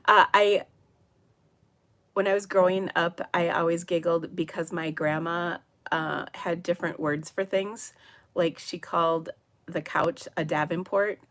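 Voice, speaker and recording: A middle-aged woman hosts a casual papercraft livestream, reading viewer comments and chatting in a giggly, rambling way. Her lowish voice is slightly bright, with fairly even intonation, and she speaks unhurriedly with long pauses.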